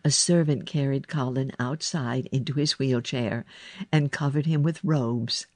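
A woman narrating a children's storybook in a gentle, unhurried reading voice. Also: very deep voice, fairly even intonation, no room sound.

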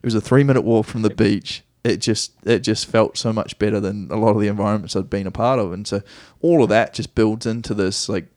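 Kiwi man, podcast guest, low voice, dry close sound, casual storyteller who loops back on himself. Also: steady tone, brisk, hardly any pauses, darkish tone, dry recording. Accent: New Zealand. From New Zealand. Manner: rambling, self-correcting anecdotes with easy laughs. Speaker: guest soccer player.

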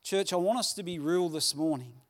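Earnest preacher, a man. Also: high-pitched. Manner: earnest, pleading, with dramatic pauses. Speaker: pastor. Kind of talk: sermon. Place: church hall.

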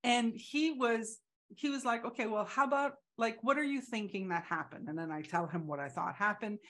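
Woman talking in halting, reflective bursts. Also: a little high, a bit bright. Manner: halting, many restarts and fillers, acts out quoted voices. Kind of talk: casual reflective conversation.

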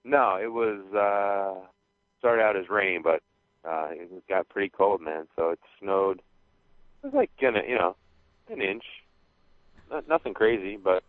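A man's voice: low voice, no echo. A man calling in as a podcast guest, chatting in a laid-back, wry way. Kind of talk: casual chat. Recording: tinny dry phone line.

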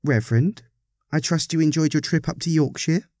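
A man's voice: on the high side, normal speed, darkish tone, dry recording, studio quality, voice pushed up, natural voice. A man voicing a fussy, sly churchwoman in a storybook reading, lifting his voice well above his own. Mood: sly, prim.

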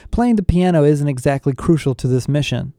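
A steady, insistent mentor who explains plans and brushes off distractions, voiced by a man reading an audiobook. His mellow, dry tone keeps it plain and close. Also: fairly high pitch, a little fast, no echo, voice pushed up. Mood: matter-of-fact.

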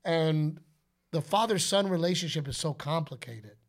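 A man with a notably high speaking voice tells stories in a casual podcast chat. He is animated and expressive, quick to break into playful shouted voices as he talks. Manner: animated storyteller, slips into playful announcer shouts. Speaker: podcast co-host; father.

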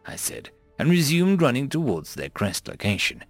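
Male audiobook narrator, gravelly, lively pitch, dry close sound. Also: fairly quick, hardly any pauses, no room sound, faint music behind. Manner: steady storytelling, voicing each character.

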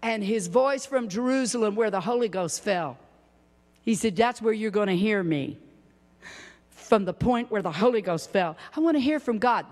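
A woman preaching a sermon, swinging from high exclaiming to hushed whispers. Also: expressive, normal speed. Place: church sanctuary. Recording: long reverb of a church hall.

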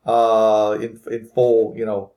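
A man running a tabletop game as game master, narrating haltingly with many restarts. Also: on the low side, monotone, mellow. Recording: echoey room.

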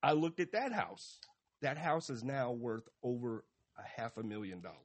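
A man, co-hosting a podcast in casual chat and telling stories in a relaxed, profane way. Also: mid-range voice, moderate pace. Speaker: podcast co-host. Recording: clear background noise.

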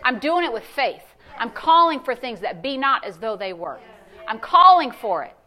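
Woman, pastor, sermon, high bright voice, animated storytelling, emphatic repetitions. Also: moderate pace. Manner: animated storytelling, acts out quoted voices, builds to emphatic declarations. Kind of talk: sermon with personal testimony. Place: church sanctuary.

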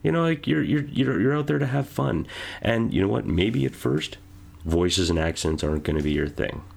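A man's voice: lowish voice, animated, normal speed, creaky. A man co-hosting a casual roundtable chat about tabletop games, rambling with many restarts. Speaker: podcast co-host.

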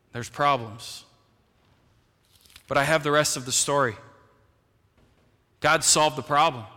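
A male pastor preaching a sermon with passion, moving from quiet, low passages to raised, emphatic ones and often repeating words as he starts a phrase. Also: big-room sound. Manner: impassioned preaching, swinging from quiet to loud. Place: church sanctuary.

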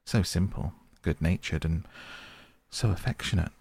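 Brief: a man doing a hearty, good-natured storybook water rat, low and gravelly. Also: measured pace, darkish tone, no room sound, full character voice. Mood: cheerful.

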